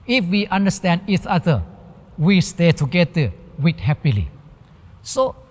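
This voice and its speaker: Monk preaching, lively high voice. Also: male voice. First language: Thai. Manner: simple halting English, acts out little dialogues. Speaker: Buddhist monk giving a dharma talk. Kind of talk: sermon. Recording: long hall reverb.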